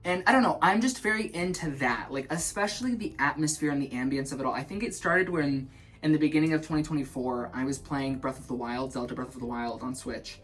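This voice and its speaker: A young man vlogging in his shower, rambling in an animated, self-mocking way. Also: mid-range voice, fairly quick, soft background music. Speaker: vlog host. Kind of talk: rambling stream-of-consciousness chat. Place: in the shower at home.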